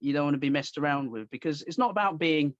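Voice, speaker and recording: A man hosting a podcast, telling stories in a casual, animated way and acting out the voices of the people he quotes. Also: fairly high pitch, quick pace, no room sound. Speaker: podcast host. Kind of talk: casual storytelling chat. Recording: dull lo-fi dry sound.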